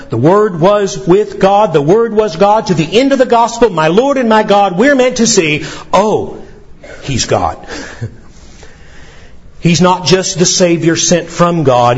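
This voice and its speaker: A man preaching a sermon as pastor, reading scripture with emphatic pauses and a lively delivery. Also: a little high, highs cut off.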